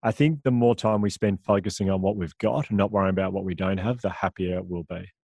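A man, a guest author, telling lively stories full of quoted dialogue in a casual interview. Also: low voice, vocal fry, husky, no echo. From Australia. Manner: animated storyteller, quick asides and quoted dialogue.

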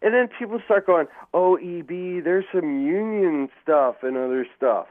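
A man's voice: high-pitched, expressive, a little slow. A man telling rambling, profane stories as a guest in casual chat, acting out quotes with lots of swearing. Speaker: podcast guest. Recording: tinny phone-like line.

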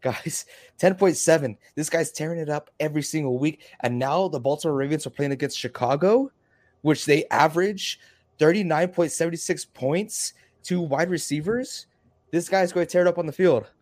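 A man co-hosting a podcast in an animated, emphatic way, chatting and hyping his picks. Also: on the high side, moderate pace. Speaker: podcast co-host. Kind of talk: casual fantasy football chat.

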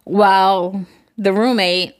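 A woman in her forties telling a long story in casual podcast chat, animated and swearing freely. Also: medium pitch, slow pace. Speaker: podcast co-host.

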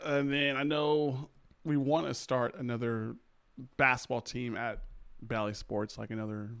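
A young adult man talks as a podcast guest, easygoing and upbeat and quick to laugh. His voice has a strong gravelly fry running through it. His pitch is average for a man. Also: flat delivery, fairly bright tone. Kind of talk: casual conversational interview.

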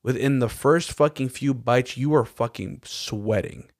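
A man's voice: medium pitch, a little slow. Laid-back man rambling casually. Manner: laid-back rambling, says "dude" and "right?". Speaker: podcast co-host. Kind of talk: casual chat.

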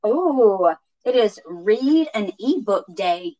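A woman's voice: mid-range voice, expressive, slow pace, mellow, dull audio. A woman co-hosting a podcast in casual chat, upbeat as she announces the day. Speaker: podcast co-host.

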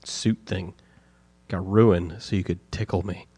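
A man's voice: deep voice, fairly even intonation, measured pace, dark tone, husky. A man reacting to a creepy story on a podcast with dry, exasperated remarks. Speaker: podcast co-host. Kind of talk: casual chat.

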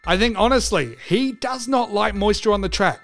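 A man hosts a comedic podcast in a joking, irreverent way, swearing freely and hamming up bits. His voice sits a little high for a man. Faint music plays underneath. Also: moderate pace, a bit bright. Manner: joking, irreverent, mock phone call, swears. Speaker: podcast host.

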